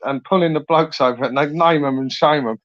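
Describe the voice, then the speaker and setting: A slightly high-voiced man rambles through stories in a loose, casual monologue. He swears often and keeps tacking on tag questions. The recording sounds a bit muffled and lo-fi. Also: brisk, fairly bright tone. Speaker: podcast host. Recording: muffled lo-fi audio.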